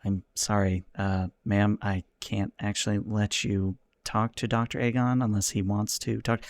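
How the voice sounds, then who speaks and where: A man voicing a gentle male bodyguard in a whispered role-play, soft and hesitant. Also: fairly low pitch, level tone, normal speed, natural voice. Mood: timid.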